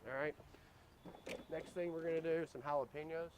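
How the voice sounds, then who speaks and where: A man's voice: on the high side, steady tone, normal speed, background noise. A man hosting a casual cooking demo outdoors at a grill, joking around and talking to viewers as "guys.". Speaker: grill cooking show host.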